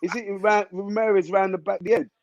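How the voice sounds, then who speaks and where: A man's voice: high voice, steady tone, fast talker, dull audio, over a noisy crowd. A man co-hosting a live fight watch-along, insistent and repeating his points. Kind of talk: excited live fight commentary chat.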